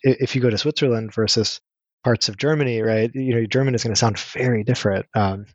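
A man's voice: medium pitch, quick pace, no room sound, muffled recording. A man hosting an interview, speaking hesitantly with many fillers and restarts. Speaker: podcast host. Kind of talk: interview conversation.

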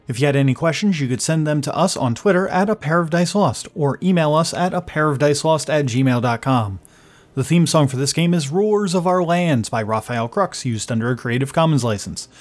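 A married man hosting a tabletop game podcast, reading the outro and then chatting with his players, laughing often and quick to apologize. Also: fairly high pitch, animated. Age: adult, married. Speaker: game master and show host.

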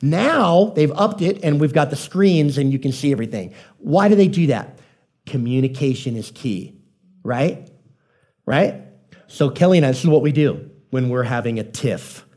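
Mellow-voiced joking preacher. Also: male voice, mid-range voice, expressive, normal speed. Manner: conversational, joking storyteller addressing the congregation. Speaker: pastor. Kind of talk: sermon.

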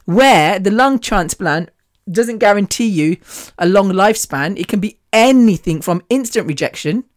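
A woman hosting her own podcast speaks bluntly and defiantly in a chatty, casual monologue, laughing often. Her voice is lowish. The studio-quality recording has no echo.

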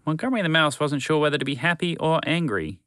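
A man narrating a children's story in a calm, measured, friendly way. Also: on the high side, dry recording.

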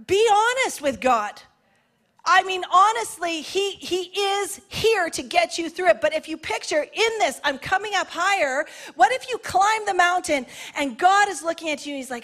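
A woman's voice: very high voice, lively intonation, normal speed, a bit bright. A woman preaching a sermon in a passionate, conversational way, acting out quoted prayers.

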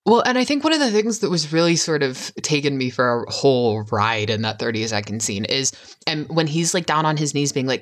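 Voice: mid-range voice, big pitch swings, brisk, fairly bright tone. A podcast co-host talking through a TV episode with passion, cursing and losing the thread mid-sentence. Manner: passionate, swears, wanders mid-thought. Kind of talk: casual chat, TV episode discussion.

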